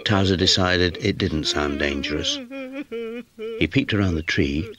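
A man narrating a children's storybook in a gentle, expressive way. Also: deep voice, a little slow, crowd noise. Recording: music behind.

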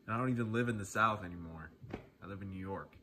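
A man's voice: on the low side, quick pace, noisy background. A young man casually telling a personal story, laid-back and profane, chuckling often.

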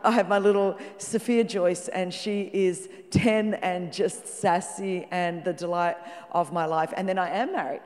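A woman's voice: fairly low pitch, fairly even intonation, a little slow, hardly any pauses, a little mellow, long reverb tail. A woman in her fifties with an Australian accent, preaching as a guest pastor in an exuberant, joking way. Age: 50s. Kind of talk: sermon. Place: large church.

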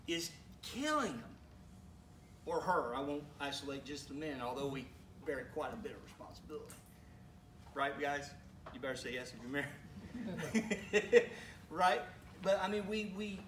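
A male pastor preaching a sermon in a relaxed, conversational way, asking the congregation questions and making teasing asides. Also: on the high side, distant mic, a little hiss or hum. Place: church sanctuary. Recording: echoey room, speaker away from mic.

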